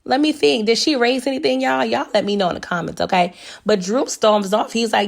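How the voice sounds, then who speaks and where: A woman's voice: medium pitch, normal speed, creaky. A woman recapping a TV episode in casual chat, chatty and laughing, talking straight to her viewers. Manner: chatty, animated asides to viewers, laughs often. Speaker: TV recap vlogger.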